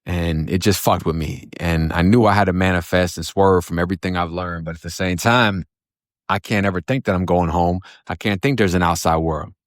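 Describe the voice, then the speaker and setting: A man's voice: sits low, fairly even intonation, a little fast, no room sound, clean studio sound. A man from Florida telling his own story in a blunt, profane, streetwise way. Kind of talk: casual spoken storytelling.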